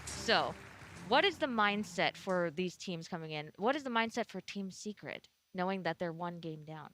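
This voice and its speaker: Bright-voiced upbeat woman hosting. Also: lowish voice, animated, normal speed. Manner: upbeat, laughs easily. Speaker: esports desk host. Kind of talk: live broadcast panel hosting.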